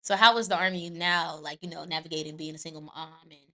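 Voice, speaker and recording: A woman hosting a podcast and serving as an Army NCO, talking bluntly with lots of profanity in a candid, animated chat. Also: low-pitched, fast talker.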